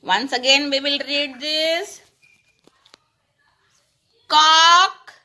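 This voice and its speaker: A woman teaching preschool children, saying each word slowly and repeating it for them to echo. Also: high voice, pushed and bright. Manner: slow, sing-song, repeating words for children to echo. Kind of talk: recorded lesson for young children.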